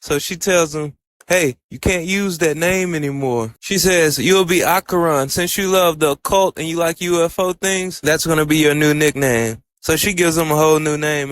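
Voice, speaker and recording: A man's voice: on the high side, fairly bright tone. A man casually recapping an anime episode in a loose, storytelling way, quoting the characters' lines as he goes. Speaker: anime reviewer.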